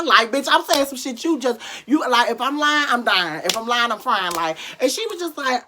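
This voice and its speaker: A young woman vlogger telling a casual, profane storytime with animated, dramatic voice swings. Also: on the high side, moderate pace, few pauses, a little hiss or hum.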